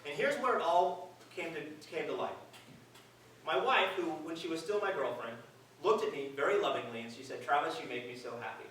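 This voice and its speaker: A man's voice: a little high, expressive, moderate pace, fairly bright tone, slight background noise. A middle-aged man giving a public speech at a live event, conversational and earnest with dry self-mocking humor. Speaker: event speaker. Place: large hall at a live event. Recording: very echoey hall, distant mic.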